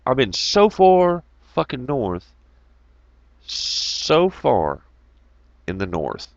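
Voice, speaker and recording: A man's voice: on the low side, fairly bright tone, no echo, lo-fi sound. Rambling, profane man with a drawl. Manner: profane, rambling, jokey, greets chat viewers. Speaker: channel host. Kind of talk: casual rambling storytelling to viewers.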